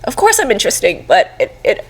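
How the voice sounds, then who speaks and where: A woman's voice: mid-range voice, wildly swooping pitch, quick pace, breathy edge. Tearful young woman podcast host. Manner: tearful, emotional, laughing through tears. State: crying. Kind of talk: casual heartfelt chat.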